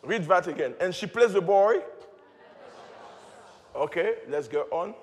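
A man preaching a sermon in a church hall, animated and often shouting as he acts out the story. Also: sits high, measured pace. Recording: long hall reverb.

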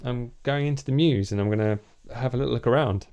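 A man playing a tabletop game, planning his moves out loud in a deliberate way. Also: mid-range voice, clear, resonant tone. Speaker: player. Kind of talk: casual tabletop gaming chat.

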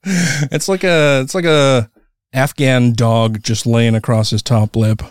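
Smooth-voiced middle-aged male podcast host. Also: medium pitch, steady tone, slow, no room sound, studio quality. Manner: laid-back, laughs often, swears casually. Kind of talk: casual podcast chat.

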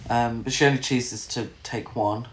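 In an echoey room, a film podcast co-host chats casually about a movie at a moderate pace, his voice at an ordinary pitch. He laughs often, swears freely, and now and then imitates characters.

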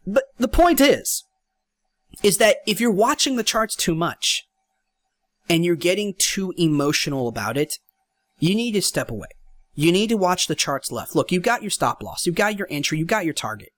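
A young man hosting a podcast, giving casual, repetitive advice in a relaxed solo monologue. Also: sits high, normal speed, dry recording. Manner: informal, advice-giving, repeats points. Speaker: podcast host.

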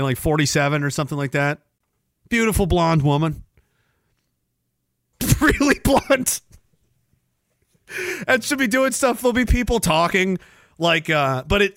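A man's voice: on the high side, fairly bright tone, no room sound, clean studio sound. A man from Canada hosting a casual, profane livestream, joking crudely, laughing often and reading out chat messages.

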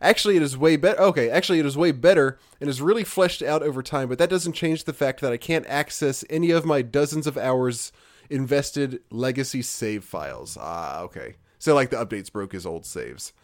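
A man's voice: mid-range voice, lively intonation, brisk. A man co-hosting a casual gaming podcast, reading listener comments aloud and chatting with fillers. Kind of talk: casual chat.

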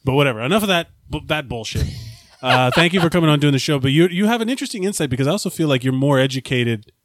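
A man's voice: on the high side, lively intonation, racing, no echo, clean studio sound. A man from the United States hosting a casual podcast, rambling and swearing with many restarts. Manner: rambling, profane, lots of restarts. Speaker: host.

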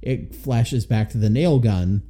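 A man's voice: fairly low pitch, a little slow, dark tone. A man co-hosting a podcast, chiming in with short agreements and film trivia in casual chat. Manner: brief agreeing replies, trivia. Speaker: podcast co-host. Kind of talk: casual movie review chat.

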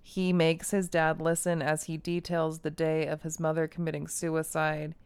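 A woman casually recapping a movie plot in animated detail, swearing freely and acting out the characters' lines. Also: low voice, normal speed, smooth, dry recording. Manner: animated storytelling, frequent swearing, acts out quotes. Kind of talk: casual chat.

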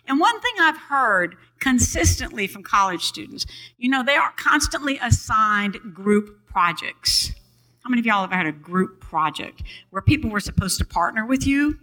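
An older woman preaching a sermon in a church on a boom mic, calling out to the congregation for responses. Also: sing-song, normal speed, pushed and bright, low-quality recording.

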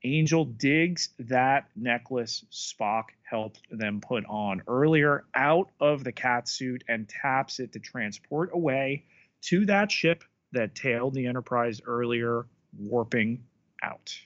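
A man co-hosting a casual podcast, recapping plot points in a measured, dry way. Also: medium pitch, expressive, a bit bright. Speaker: podcast co-host. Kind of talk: casual chat recapping an episode. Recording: dull lo-fi mic.

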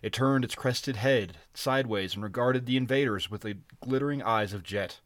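A man reading a story aloud at an even pace, sometimes stumbling and restarting a word. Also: mid-range voice, normal speed, no echo, clean studio sound. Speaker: reader. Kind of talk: audiobook reading, amateur.

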